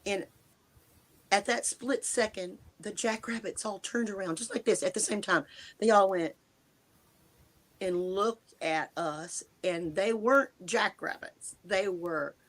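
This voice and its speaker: An older American woman tells her own story as an interview guest. She speaks in a halting, earnest way, restarting sentences and rushing or slowing as she goes. Her mouth is dry, and it catches on her words. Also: on the low side. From United States. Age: 60s. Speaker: guest recounting a personal encounter. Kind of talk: emotional first-person storytelling.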